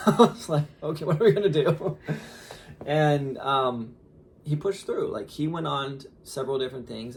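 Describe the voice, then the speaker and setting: A man in his thirties, a father, telling a story casually on a podcast in an animated way with lots of fillers. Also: medium pitch, vocal fry, slight background noise. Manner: animated, laughing, lots of fillers and quoted asides.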